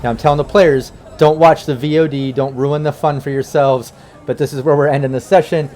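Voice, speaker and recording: A man's voice: on the high side, quick pace, darkish tone. A man hosting a tabletop game stream as game master, narrating a scene and signing off in a loose, casual way. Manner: casual, profane, with fillers.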